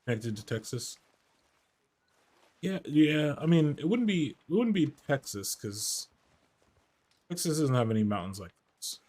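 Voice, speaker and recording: A man from the American Midwest chatting casually while he streams a game, answering his chat's questions out loud. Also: a little high, sing-song, a little slow, long pauses. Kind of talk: casual gameplay commentary.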